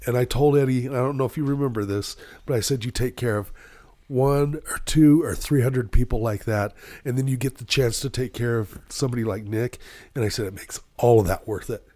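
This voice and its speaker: Casting: middle-aged male paramedic, casual podcast talk, emotional, halting, filler-heavy storytelling. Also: medium pitch, dark tone. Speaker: paramedic guest.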